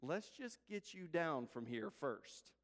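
A preacher putting on the calm, patient voice of God, steady and unhurried. The voice echoes with long reverb in a large hall. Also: male voice, on the high side, heavily acted. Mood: firm.

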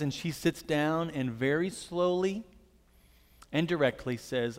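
A man delivering a sermon with an earnest, gentle manner, his voice sitting a little higher than most men's. The sound hangs in a long reverb, as in a large hall. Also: unhurried, clear, resonant tone. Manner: earnest, gentle storytelling preacher. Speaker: pastor.

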